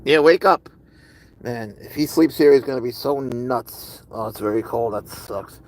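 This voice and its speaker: A man's voice: mid-range voice, moderate pace, warm tone, low-quality recording. A man hosting a casual livestream with his cat, rambling chattily and answering viewers' chat messages. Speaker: livestream host with pet cat.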